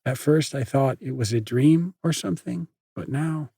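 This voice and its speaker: A man voicing a perceptive teenage girl in an audiobook, with a husky voice. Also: mid-range voice, moderate pace, warm tone, no echo, studio quality, voice pushed up. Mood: uneasy.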